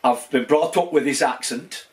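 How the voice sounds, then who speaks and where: A man's voice: mid-range voice, normal speed. A man in his sixties with a broad northern English Wigan accent, giving a rambling, casual update to his channel's viewers. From northwest England. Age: 60s. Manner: rambling, with many fillers and restarts. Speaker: channel host.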